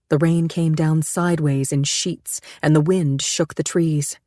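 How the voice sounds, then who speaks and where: A woman narrates an audiobook, her scripted storytelling steady, measured and pitched a little low. The recording is close and dry, with no room sound or echo.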